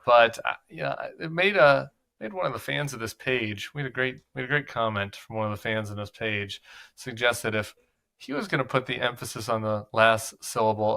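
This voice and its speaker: A man talks through political news in a loose, chatty way, stopping and restarting his sentences as he goes. His voice has a gravelly edge at mid pitch. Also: pushed and bright. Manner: chatty, with many fillers and restarts. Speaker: political commentator. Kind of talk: casual commentary.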